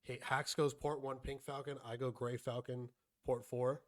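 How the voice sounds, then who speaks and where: A man's voice: mid-range voice, flat delivery, moderate pace. A young man casually telling a rambling, profane story and acting out his friends' lines.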